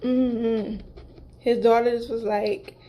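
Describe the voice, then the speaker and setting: Woman vlogger, fairly high voice, slow chatty storytelling. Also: flat delivery, mellow. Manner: chatty, retelling conversations with many asides. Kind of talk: casual storytelling to viewers.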